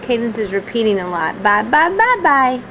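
A woman's voice: fairly high pitch, very animated, moderate pace, bright, forceful tone, slight background noise. A young mother filming a home video, coaxing her baby in sing-song baby talk and repeating herself over and over.

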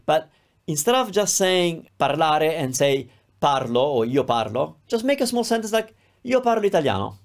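A man teaching a beginner language lesson, explaining patiently and drilling words aloud with clear stress. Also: on the high side, very animated, normal speed. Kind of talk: recorded online lesson.

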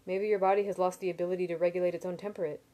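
A woman reading a novel aloud, voicing a level-headed young man student who speaks bluntly and in a measured way. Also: fairly low pitch, little pitch movement, mellow, lightly acted.

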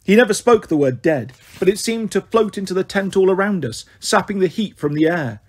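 A man's voice: high voice, animated, brisk, breathy edge. A man narrating an audiobook in first person, telling the story expressively.

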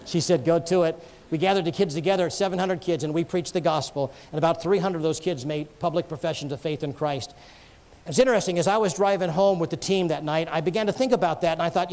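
A man's voice: on the high side, a little fast, a little mellow. A man preaching a sermon to a congregation, telling stories earnestly and joking with listeners now and then. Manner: earnest, storytelling with jokes to the congregation.

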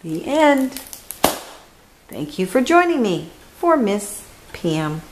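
A woman reading a children's picture book aloud, slow and expressive, dropping to a hush on key words. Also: mid-range voice, slight background noise, rough recording.

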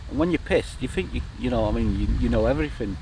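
A man's voice: medium pitch, lively intonation, fast talker. A middle-aged man, rambling through a story while fishing, swearing freely. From Manchester, England. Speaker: angling vlogger. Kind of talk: casual anecdote. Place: outdoors by a lake, boat noise nearby. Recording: noisy outdoor lakeside recording.

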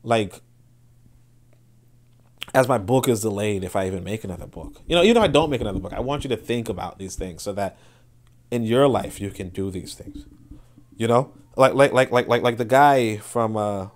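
Hosting a podcast, this man talks through ideas in loose spoken commentary, rambling with lots of restarts and fillers before breaking into animated bursts. His voice sits on the low side at a normal speed.

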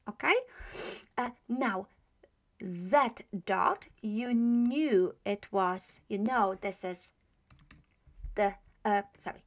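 A woman's voice: on the high side, animated. A woman teaching pronunciation, repeating each sound several times and checking in with the listener. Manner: slow, repeats sounds many times, checks in with "okay?" and "right?". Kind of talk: pronunciation lesson.

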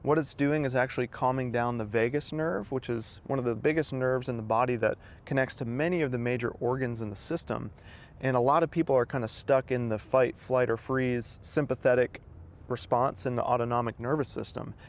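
A man's voice: mid-range voice, fairly even intonation, fairly quick. A man, a vision educator, explaining and guiding listeners through yawning and sighing. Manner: guiding, demonstrates yawns and sighs. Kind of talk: instructional explanation.

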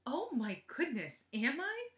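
A woman's voice: high voice, huge pitch swings, slow, fairly bright tone, voice pushed up, full character voice. A woman voicing a kindly, cheery old schoolteacher in a sweet, sing-song way, in an echoey room.

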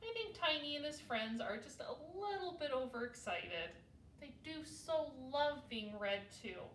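A motherly mother hen clucks sympathetically, as a woman reads her aloud. Her tone is bright and slow. It sounds roomy and from across the room. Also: high voice, lively intonation, a little hiss or hum. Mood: fond. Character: fond, fussing mother hen. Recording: roomy, from a distance.

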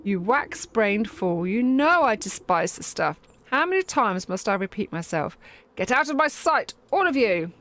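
A woman's voice: mid-range voice, big pitch swings, measured pace, a bit bright, a little hiss or hum. A woman voicing a snooty, imperious female queen bee who talks down to everyone with scorn. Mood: indignant.

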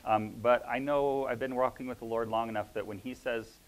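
A man sharing a spiritual reflection with a church congregation, talking in a reflective, halting way with many pauses and fillers. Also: mid-range voice, steady tone, poor audio. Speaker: church member sharing a word. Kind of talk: informal sermon sharing.

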